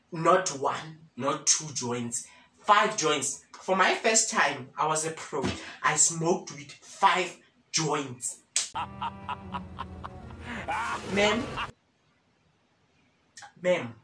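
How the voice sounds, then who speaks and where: A man's voice: on the high side, bright, forceful tone, a little hiss or hum. A young man in his twenties with a South African accent, telling a story to camera in a dramatic, theatrical way and often addressing viewers directly. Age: 20s. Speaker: medical student vlogger. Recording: roomy echo, faint ambience.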